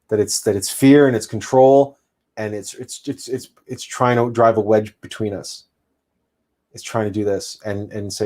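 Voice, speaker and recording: A man's voice: lowish voice, moderate pace, warm tone. Male host, spiritual talk; earnest, emphatic, loose delivery with frequent restarts.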